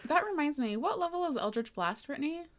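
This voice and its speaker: A woman's voice: high voice, animated, quick pace. A woman narrating as game master, easygoing, with frequent fillers and laughs.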